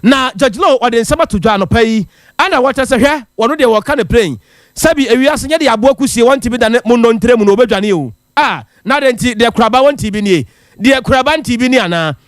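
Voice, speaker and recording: A man reading the radio news with a brisk, lilting delivery. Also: very high-pitched, lively intonation, no room sound, studio quality. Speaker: newsreader.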